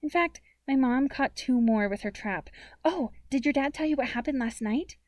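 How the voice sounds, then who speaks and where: A woman's voice: sits high, moderate pace, a little mellow, no room sound, voice pushed up, close to an everyday voice. A woman voicing a sarcastic, wistful teenage girl in a storybook reading. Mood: wry.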